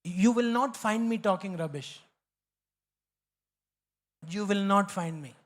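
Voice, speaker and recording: A man's voice: sits high, slow pace. A man with an Indian English accent, a pastor preaching a sermon in an emphatic, repetitive way, slipping into Hindi.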